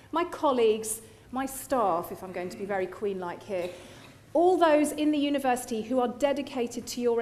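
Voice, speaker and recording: Woman chancellor, middle-aged, jokey ceremony speech, brightish voice, faint hum behind. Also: sits high. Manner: playful, joking, warm to the audience. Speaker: university chancellor. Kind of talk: graduation ceremony address. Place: large hall.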